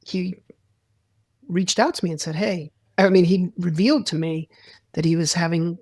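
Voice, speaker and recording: A man's voice: high voice, moderate pace, darkish tone, no room sound. A man, a sports psychologist, talking as a guest in a casual interview, rambling with restarts and acting out quoted dialogue.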